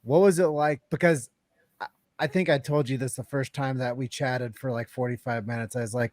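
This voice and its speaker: Host: man, mid-pitched, dry close sound, energetic and emphatic. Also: a little fast, no echo. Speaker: podcast host. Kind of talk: podcast interview conversation.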